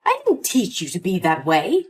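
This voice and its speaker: A woman's voice: fairly low pitch, wildly swooping pitch, moderate pace, breathy edge, faint music behind, voice pushed down, exaggerated voice. Woman voicing a scheming older mother. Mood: cold. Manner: sweet at first, then cold and dismissive. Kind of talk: scripted story voice acting.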